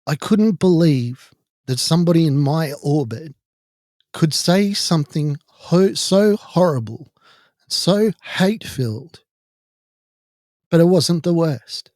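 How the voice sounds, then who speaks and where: Irish male podcast host, somewhat high voice, dry close sound, indignant storyteller. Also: expressive, slow pace, long pauses, darkish tone, no echo. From Ireland. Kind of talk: personal monologue.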